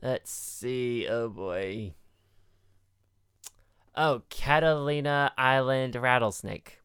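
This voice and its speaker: A woman co-hosting a podcast, casually playing a word game, often pausing and thinking aloud. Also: a bass voice, fairly bright tone, smooth, dry recording, studio quality. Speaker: podcast co-host.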